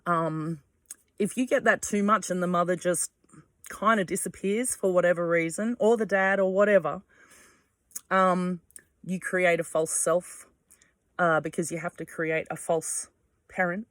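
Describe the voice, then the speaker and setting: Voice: mid-range voice, fairly even intonation, unhurried, fairly bright tone, no echo. A vlogger talking in a frank, rambling monologue, full of ums and asides and casual swearing.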